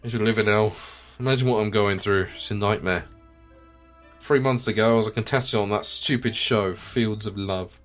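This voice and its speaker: A man's voice: on the low side, moderate pace, soft background music, close to an everyday voice. Man reading as a bitter middle-aged widowed farmer. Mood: resentful. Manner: resentful, defensive, plain-spoken.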